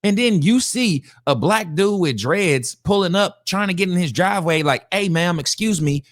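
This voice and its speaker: Male podcast host, high-ish voice, animated and slangy, dry close-mic sound. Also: moderate pace, no room sound. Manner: animated, slangy, emphatic, repeats lines for effect. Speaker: podcast host reacting to a video. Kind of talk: casual reaction commentary.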